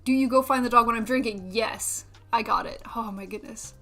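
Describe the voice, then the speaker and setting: A woman's voice: fairly high pitch, brisk, pushed and bright, faint music behind. A young woman streamer chatting casually and self-deprecatingly while building a model kit, laughing often.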